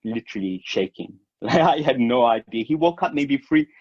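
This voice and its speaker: A man from Mauritius telling stories in a relaxed, informal way, laughing now and then and calling people "bro". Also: mid-range voice, moderate pace, dry recording. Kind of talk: casual storytelling. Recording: dull lo-fi dry sound.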